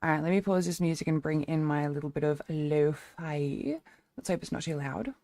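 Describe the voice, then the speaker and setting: A woman's voice: low-pitched, moderate pace, mellow, no echo. A young woman streamer in a casual live-stream chat, rambling along and thanking her viewers by name.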